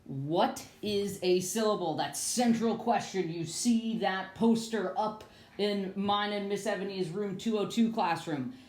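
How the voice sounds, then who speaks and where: A woman's voice: mid-range voice, unhurried, darkish tone, reverberant. A young woman teaching an online reading lesson to children in an upbeat, playful way, singing a few phrases.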